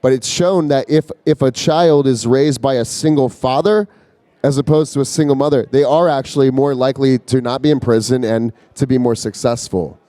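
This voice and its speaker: A man talking in a rambling, halting way during a casual conversation at a convention. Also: mid-range voice, mellow, no echo. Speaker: interview guest. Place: convention floor.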